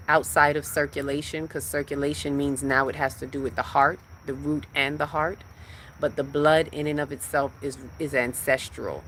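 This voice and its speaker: A woman's voice: very deep voice, a little hiss or hum. A woman hosting a spiritual livestream, teaching in a rhythmic, repetitive preaching cadence.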